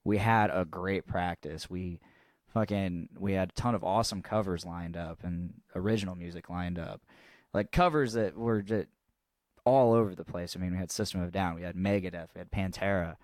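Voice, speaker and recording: Podcast co-host, young man, low voice, loose rambling storyteller, swears freely, dry close sound. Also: normal speed, a little mellow, no echo. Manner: rambling, swears freely, restarts often, laughs at own story. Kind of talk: casual storytelling chat.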